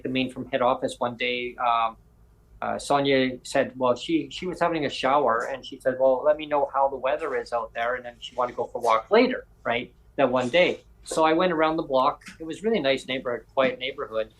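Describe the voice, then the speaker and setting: A man's voice: medium pitch, fairly quick, a bit bright, low-quality recording. A man hosting a casual chat, telling a long rambling story with lots of voiced quotes and self-corrections. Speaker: podcast host.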